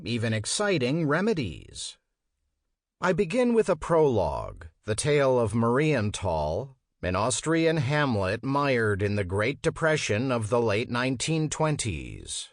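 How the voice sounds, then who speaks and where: Male audiobook narrator, measured scripted read with an animated pitch, close dry studio sound. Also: dry recording.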